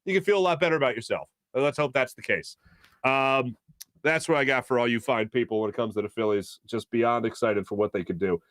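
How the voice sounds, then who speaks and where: A man hosting a sports talk show, rambling in quick, animated bursts full of fillers and reading ads live. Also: medium pitch, no echo.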